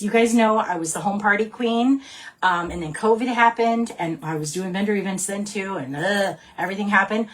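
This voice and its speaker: A woman, a direct sales team leader giving her team an upbeat, chatty training talk. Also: fairly low pitch. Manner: upbeat and chatty, keeps checking in with "right?".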